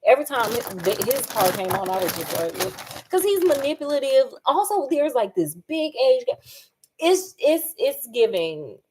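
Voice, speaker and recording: A woman vlogging while she cooks, chatting casually in an animated, sassy way and acting out quotes. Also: high voice, moderate pace. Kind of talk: casual chat while cooking.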